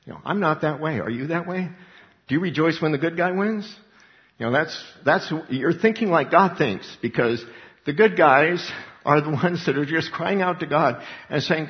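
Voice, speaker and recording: A man preaching a sermon, animated, acting out voices as he reads and explains scripture. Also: mid-range voice, normal speed. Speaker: pastor. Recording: long hall reverb, dull lo-fi sound.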